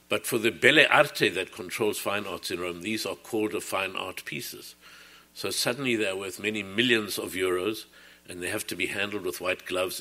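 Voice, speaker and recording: Deep, bright-toned man explaining thoughtfully. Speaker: artist describing his work. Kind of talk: reflective talk.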